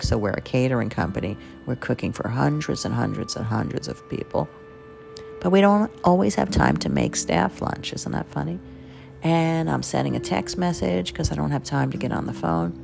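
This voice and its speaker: A woman's voice: low-pitched, gravelly. A woman with a New York accent hosting her own podcast, telling rambling, self-deprecating stories in a chatty way. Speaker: podcast host and caterer. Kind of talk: casual storytelling monologue.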